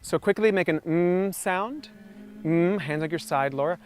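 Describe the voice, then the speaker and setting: Energetic man leading a vocal warm-up. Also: high voice, unhurried. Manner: energetic, encouraging, calls out sounds loudly. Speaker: voice and communication coach. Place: outdoors near trees and a lake.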